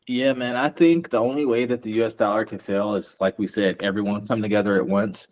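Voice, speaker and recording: A man's voice: lowish voice, fairly even intonation, a little fast, a little mellow. A young man co-hosting a podcast, speaking bluntly and profanely in casual chat. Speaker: podcast co-host.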